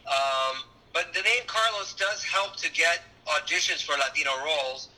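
A man's voice: a little high, moderate pace, rough recording. A man who works as a voice actor, chatting in a casual interview and acting out bits of characters as he goes. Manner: animated, slips into character voices and Spanish. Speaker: voice actor guest.

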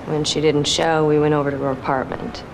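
A woman's voice: low-pitched, little pitch movement, brisk. An actress playing a young woman under suspicion, who talks in a guarded, matter-of-fact way. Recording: noisy TV clip audio.

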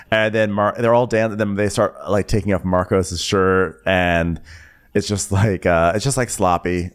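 A man co-hosting a comedy podcast, recapping a reality show in easygoing, deadpan chat. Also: low-pitched. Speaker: podcast co-host.

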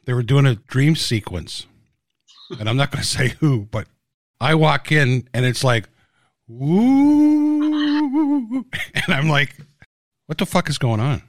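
A man's voice: medium pitch, moderate pace, pauses often, fairly bright tone, dry recording, studio quality. A man casually recalling how his TV series was made, blunt and swearing freely as he tells the stories. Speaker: TV series creator. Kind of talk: casual reminiscing chat.

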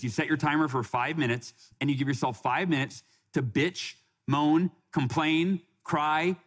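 A man in his forties tells a personal story as a podcast guest, earnest throughout, with frequent restarts and quoted dialogue. His voice is mid-range and a bit bright.

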